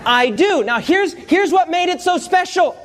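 A man with a strikingly high voice delivers a sermon from the pulpit. He tells humorous personal stories and keeps checking in with his listeners, asking them to answer aloud, while a faint room ambience sits behind him. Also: animated, normal speed, slight background noise. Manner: storytelling, humorous, quizzes the congregation. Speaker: pastor.

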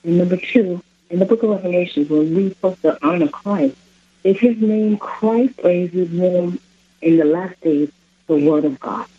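A man's voice: high voice, moderate pace, no echo. Man, caller, earnest, winding questions, muffled phone line.

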